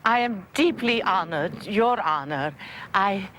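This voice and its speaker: A woman's voice: medium pitch, animated, takes it slowly, a bit bright, a little hiss or hum. An actress playing a formal, fawning witch headmistress who stammers over her welcome. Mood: flustered. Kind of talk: TV movie acting.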